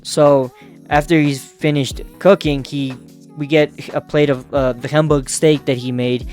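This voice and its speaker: Man, casual manga recap, chuckling, self-correcting, slightly high voice. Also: flat delivery, a little slow, darkish tone, faint music behind. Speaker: manga reviewer.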